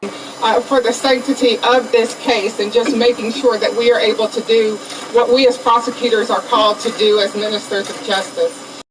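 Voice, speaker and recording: A woman district attorney giving a measured, formal press conference statement. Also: on the high side, fairly even intonation. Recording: distant press-conference mic with background noise.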